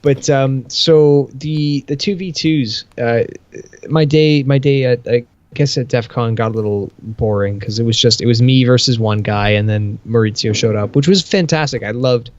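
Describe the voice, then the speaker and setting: A man in a casual podcast chat who rambles through his stories, swears freely and acts out both sides of an argument. His voice sits at a middling pitch. The audio is dull and lo-fi. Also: normal speed, no echo. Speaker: podcast co-host.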